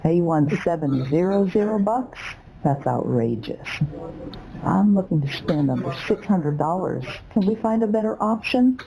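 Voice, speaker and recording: AI voice of a low, gravelly squawking old lady. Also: expressive, unhurried, mellow, lo-fi sound. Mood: anxious. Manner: rambling, whimsical, breaks into squawks and chirps. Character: chatty eccentric old lady caller who squawks like a parrot. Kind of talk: AI voice bot call.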